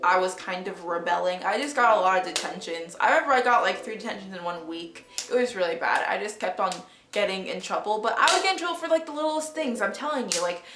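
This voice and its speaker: A woman's voice: medium pitch, lively intonation, fast, few pauses, a bit bright. A woman vlogger telling a story in a casual, dramatic way, swearing freely. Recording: echoey room, faint music.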